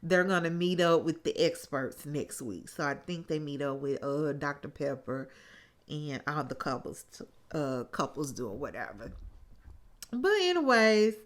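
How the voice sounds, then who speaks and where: Slow, sassy woman recapping a show. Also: low-pitched, animated. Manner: sassy, talks straight to viewers. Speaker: TV recap host. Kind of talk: casual reality-show recap.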